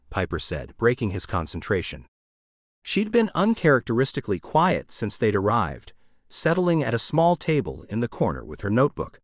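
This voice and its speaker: Man reading a romcom audiobook, super animated delivery, dead dry sound. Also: lowish voice, moderate pace, no room sound. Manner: expressive storytelling. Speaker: audiobook narrator. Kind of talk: scripted audiobook narration.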